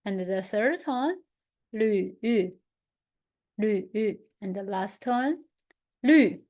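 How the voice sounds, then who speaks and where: Slow, patient woman teaching pronunciation. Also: medium pitch. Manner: slow, drawn-out syllables for learners to repeat; patient, gently repetitive explaining. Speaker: language teacher. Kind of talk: pronunciation lesson.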